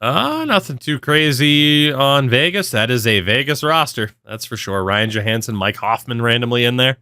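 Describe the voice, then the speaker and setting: A young man who makes gaming videos rambles through offhand, casual commentary on a hockey video game, dropping the occasional swear word while yawning and hiccuping. His mid-range voice is expressive, bright and forceful at a normal speed. The recording is clean studio sound with no room sound.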